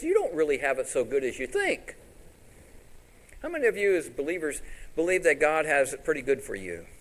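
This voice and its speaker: This pastor speaks at a fairly high pitch, preaching in a conversational manner that includes questions for the congregation. He renders scripture as paraphrase in quoted voices, on a rough recording.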